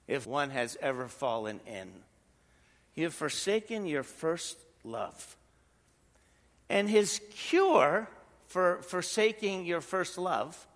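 A man's voice: high-pitched, fairly bright tone, big-room sound. A middle-aged man preaching a sermon as pastor, in a conversational way that leans on rhetorical questions.

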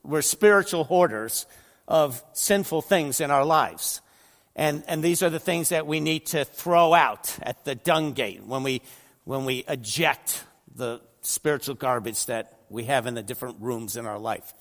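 A man's voice: mid-range voice, a little slow, a bit bright, in a large hall. An older man preaching a conversational sermon, often repeating words and putting questions to his listeners. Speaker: pastor. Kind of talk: sermon with slides.

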